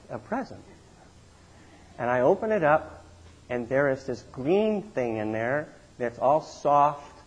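Husky-voiced man preaching a sermon. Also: highs cut off. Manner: storytelling, animated swings in pitch and loudness. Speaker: pastor.

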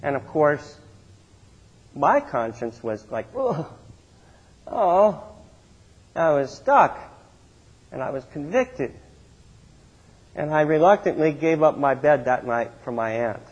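Middle-aged male pastor, slightly raised pitch, husky tone, dull lo-fi sound, storytelling sermon delivery. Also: unhurried, long pauses. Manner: storytelling, animated swings in pitch and loudness.

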